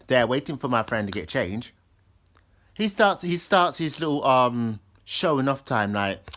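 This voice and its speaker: A man's voice: medium pitch, big pitch swings, measured pace, fairly bright tone. Rambling man telling a story. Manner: rambling, full of restarts, acts out others' lines in raised voices. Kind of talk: casual storytime monologue.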